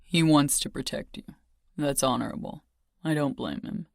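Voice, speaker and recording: A woman voicing a charming, polite young man in an audiobook, speaking softly and courteously. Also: sits low, moderate pace, creaky, dry recording, clean studio sound. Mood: tender.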